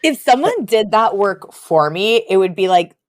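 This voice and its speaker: A woman co-hosting a podcast, telling a story in a loose, chatty way with plenty of laughs and "like"s. Her voice sits at an average pitch. It is recorded close and dry. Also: moderate pace, no echo. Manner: animated storytelling with frequent laughs and filler likes. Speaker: podcast co-host recapping an episode. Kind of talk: casual chat.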